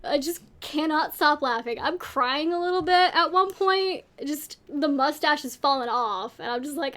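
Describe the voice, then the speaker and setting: A high-pitched woman co-hosting a casual storytelling panel. She rambles, jokes at her own expense and gets animated as she goes. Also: moderate pace, few pauses. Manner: rambling, self-deprecating, animated. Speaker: panel co-host.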